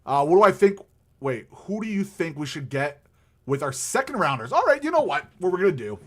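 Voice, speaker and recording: A man's voice: a little high, very animated, a little fast. A man hosting a live stream, chatting casually about hockey in a rambling way with many fillers and restarts.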